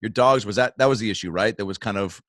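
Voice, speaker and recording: A man's voice: fairly low pitch, fast, fairly bright tone, no echo. A dry-sounding man hosting a podcast. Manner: loose, playful banter with quoted asides. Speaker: podcast host. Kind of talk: casual chat.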